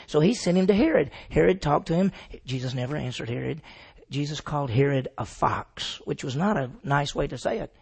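A man's voice: a little high, fairly quick, vocal fry, husky. A man teaching the Bible to a group, asking his listeners questions and answering them himself.

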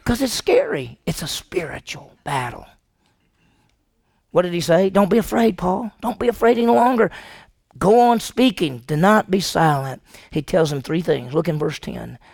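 A man preaching a sermon to his congregation, animated and asking the room questions. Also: sits high, moderate pace, creaky, dry recording, clean studio sound. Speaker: pastor. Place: church sanctuary.

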